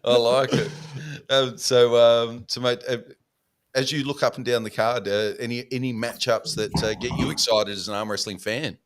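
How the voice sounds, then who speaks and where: A man's voice: mid-range voice, flat delivery, moderate pace. A man co-hosting a casual podcast, asking questions with many hesitant fillers. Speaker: podcast co-host.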